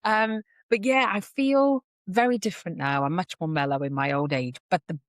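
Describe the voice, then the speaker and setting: A woman's voice: on the low side, moderate pace, no echo, studio quality. A woman, a podcast guest chatting casually and animatedly, often acting out what others say. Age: 40s. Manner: animated storyteller who acts out others' voices. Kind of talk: casual chat.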